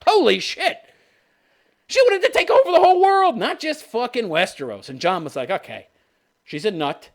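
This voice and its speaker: This time the host's voice is very high-pitched, swinging widely in pitch at a moderate pace. Still ranting with sarcasm, he laughs often, curses, and ridicules the characters he describes and quotes.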